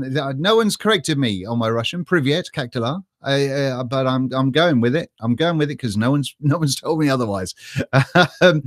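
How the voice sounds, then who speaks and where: A young man from Norfolk hosts a live stream, chatting loosely through viewers' messages. He rambles, jokes and swears casually, in a slightly high voice. The sound is dry and close, with no room echo. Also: a bit bright. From Norfolk, England. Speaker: vlog host reading live chat.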